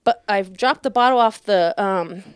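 A woman appearing as a storyteller guest tells a profane bar story in casual chat, animatedly acting out the people she quotes in a higher voice. She speaks at normal speed with a clear, resonant tone, in clean studio sound with no echo.

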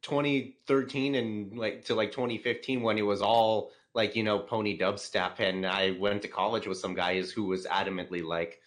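A man hosting a casual podcast interview, reading out numbered questions in a relaxed, jokey way. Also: lowish voice, normal speed, hardly any pauses. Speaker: podcast host.

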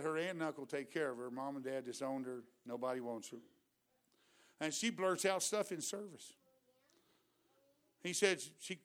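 A man preaching a revival sermon, shifting from quiet storytelling to loud exhortation. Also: fairly high pitch.

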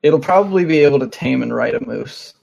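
A man from the United States with a gravelly, creaky edge who trades teasing jokes in a casual podcast chat. His pitch stays in a middle range. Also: animated, a little fast, a little mellow. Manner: jokey, teasing. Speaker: podcast co-host.

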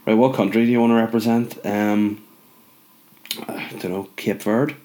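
A man's voice: fairly low pitch, fairly even intonation, moderate pace, mellow. A man delivering a rambling comic rant, sweary and sardonic with mumbled asides. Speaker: comedic monologue host.

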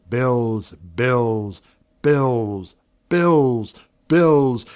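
A man recites verse in a slow, deliberate cadence, letting repeated words swell and fall. His voice is smooth and resonant, with a theatrical, dramatic delivery. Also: medium pitch, darkish tone. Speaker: poetry reader.

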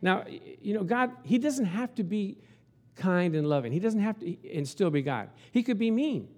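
A man's voice: high-pitched, big pitch swings, moderate pace, darkish tone. A man in his sixties preaching a sermon in a conversational, folksy way with an Italian accent. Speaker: pastor.

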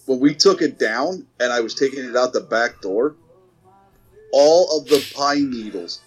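A man's voice: medium pitch, expressive, unhurried, breathy edge, poor audio. A man co-hosting a podcast, telling a short, dry story in casual chat. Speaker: podcast co-host.

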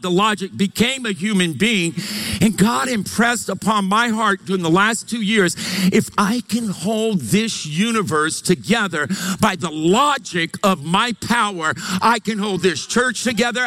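A male pastor preaching a lively sermon in church, joking and calling on the congregation to say verses and amen with him. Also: sits high. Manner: energetic, joking, calls on the congregation to respond. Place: church, live service.

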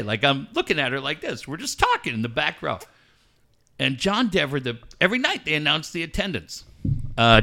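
A man with a bright, slightly high speaking voice, telling stories on a radio talk show. His pitch swings widely as he laughs and jumps into quick impressions of the people in his stories. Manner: animated, laughing, acts out voices in anecdotes. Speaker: radio host. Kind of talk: casual storytelling chat.

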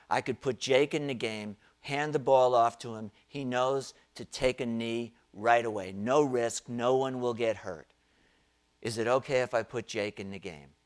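A man preaching a sermon, telling a story with dramatic pauses and rising swells of volume. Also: mid-range voice. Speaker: pastor.

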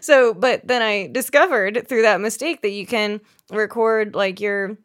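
A woman's voice: mid-range voice, a little slow. A woman chatting casually as a podcast co-host, laughing often and talking with many fillers. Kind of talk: casual chat.

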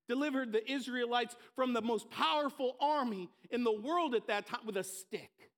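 A man with a strikingly high voice preaches from a church stage to a live congregation. He is impassioned, pressing points hard and then dropping to near-hushed asides. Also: moderate pace. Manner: impassioned, swinging between loud emphasis and hushed asides. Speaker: pastor. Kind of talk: sermon.

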